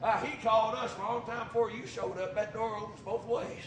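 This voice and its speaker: Male preacher, high voice, fervent sermon, distant echoey noisy recording. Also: steady tone, brisk. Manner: fervent, building to shouted preaching. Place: church. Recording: echoey distant room mic with noise.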